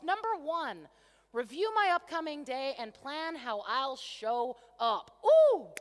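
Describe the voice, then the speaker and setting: A woman coach giving an energetic keynote to a conference crowd, asking rhetorical questions on a stage microphone. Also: sits high. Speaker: motivational coach. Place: large convention centre hall. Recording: long reverb of a big hall.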